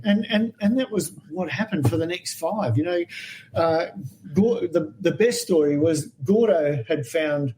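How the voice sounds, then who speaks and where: An Australian man tells stories in a podcast chat, his voice sitting a little high. He brings people to life by acting out what they said, and keeps the tale rolling. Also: a little slow, slight background noise, poor audio. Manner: animated anecdotal storyteller, acts out quoted voices. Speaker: guest herpetologist. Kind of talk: storytelling in a podcast interview.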